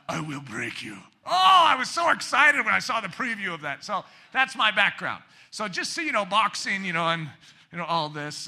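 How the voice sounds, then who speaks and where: A man preaching a sermon, animated, shouting for emphasis and dropping to quiet asides. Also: fairly high pitch. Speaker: pastor.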